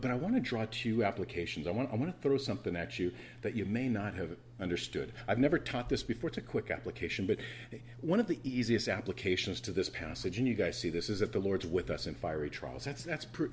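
A man's voice: on the low side, slight background noise. A middle-aged man, a pastor, preaching a conversational sermon to his church, repeating words and pressing his points with emphatic rises.

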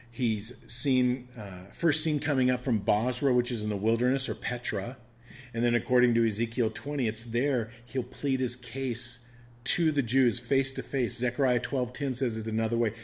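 A man teaching a Bible study, reading verses and explaining them in an earnest, conversational way, often restarting phrases and rising in emphasis. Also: medium pitch.

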